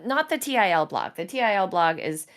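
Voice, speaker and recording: A woman hosting a podcast, asking questions in a playful, lively way. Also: lowish voice, brisk. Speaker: podcast host. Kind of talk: casual interview talk.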